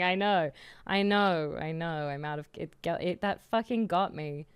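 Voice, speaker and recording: A woman's voice: fairly low pitch, unhurried, clean tone. A woman co-hosting a casual chat, giggly and breaking into laughter.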